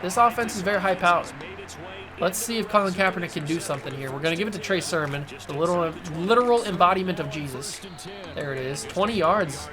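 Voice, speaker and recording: A man giving excitable play-by-play commentary as he plays a football video game, now and then shouting on big plays. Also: sits high, quick pace. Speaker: gaming YouTuber. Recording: music playing underneath.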